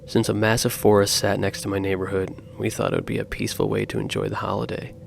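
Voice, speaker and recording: A man narrating true horror stories in a slow, grave scripted style. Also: on the low side, flat delivery, creaky, a little hiss or hum.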